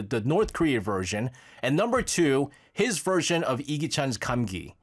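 A radio host in casual chat, teasing a co-host and laughing often. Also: mid-range voice.

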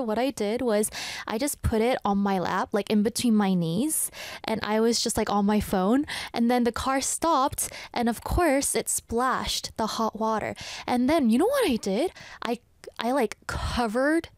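A woman's voice: a little high, no echo. A young adult woman hosting a radio show, chatting casually and teasing as she reads listener messages. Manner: playful teasing, animated, quick asides. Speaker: radio host.

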